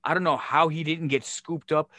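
A former wrestling promoter and show booker tells backstage stories in a casual podcast chat, swearing freely and acting out the exchanges he remembers. His voice is fairly high at a moderate pace, with no room sound.

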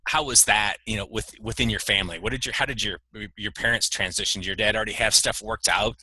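A man with a low, very bright, husky voice asks curious questions in loose, rambling bursts. His voice sounds dry and close to the mic. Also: fast talker, no room sound, rough recording. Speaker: interviewer. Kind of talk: casual interview chat.

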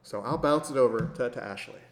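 A man's voice: mid-range voice, fairly quick. A man hosting a podcast in casual chat, sardonic with dry jokes, passing the talk around. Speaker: podcast host. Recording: roomy echo.

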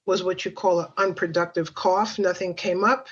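A woman's voice: lowish voice, steady tone, moderate pace, breathy edge, highs cut off. A woman guest on a podcast telling a personal story in a chatty way, with many fillers and asides.

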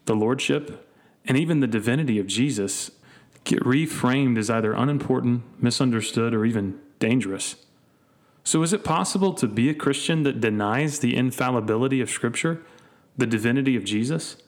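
Male intro narrator, serious and steady, rhetorical build. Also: medium pitch. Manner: earnest, measured, posing rhetorical questions. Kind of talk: scripted narration.

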